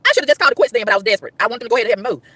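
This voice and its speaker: Sitting in a car, a woman vlogger tells an exasperated story at a racing pace, exclaiming and repeating lines for emphasis. Her voice is on the high side, pushed, bright and slightly rough, with lively intonation and a dry recording.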